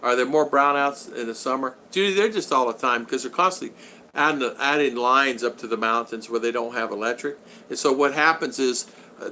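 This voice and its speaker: Broadcasting from his Philippine home, a Utah-born older man rambles cheerfully through viewer comments on his livestream. His medium-pitched voice sounds bright and forceful, with a little background noise.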